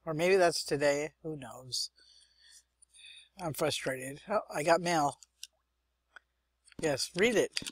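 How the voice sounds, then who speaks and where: A woman's voice: low voice, takes it slowly, long pauses, breathy edge, no room sound. Chatty woman thinking aloud over gameplay. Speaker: gaming channel host. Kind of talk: let's-play game commentary.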